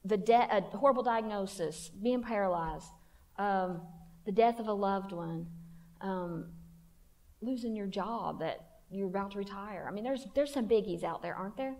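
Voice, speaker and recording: A woman's voice: medium pitch, moderate pace, darkish tone. A woman telling a funny personal story to a women's church conference, in a folksy, self-mocking way. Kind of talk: humorous personal testimony talk. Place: church hall. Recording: long hall reverb.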